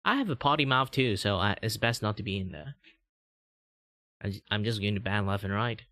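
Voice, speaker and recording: A man's voice: moderate pace, no room sound. A man in his thirties from Malaysia, with a Malaysian English accent, chatting casually on a livestream and rambling with many fillers. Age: 30s. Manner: rambling, many "like" fillers, jumps to a much higher voice when excited. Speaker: VTuber streamer.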